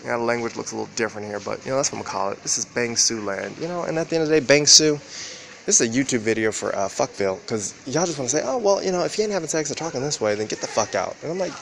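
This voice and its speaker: A man vlogging in a rambling, profane monologue, acting out quoted exchanges with sudden jumps in pitch. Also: expressive, rapid-fire, vocal fry, few pauses, a little hiss or hum. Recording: loud background ambience.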